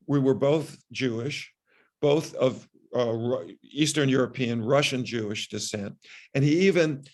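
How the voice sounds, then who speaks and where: An older man with a gravelly, creaky edge to his mid-pitched voice. He speaks as a podcast guest, measured and deliberate, often restarting his sentences as he tells a long story. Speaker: guest, physician. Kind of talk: interview storytelling.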